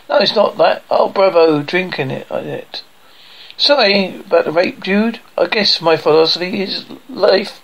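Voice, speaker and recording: A man with a slightly raised pitch and a gravelly, creaking edge runs through a sitcom script alone. He takes every part himself in one voice and reads the stage directions aloud between the lines. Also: a bit bright, low-quality recording.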